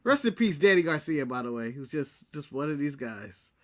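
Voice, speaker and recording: A man's voice: on the high side, very animated, moderate pace, a bit bright. An American man co-hosting a casual wrestling recap show, talking bluntly and laughing often. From United States. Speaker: podcast co-host.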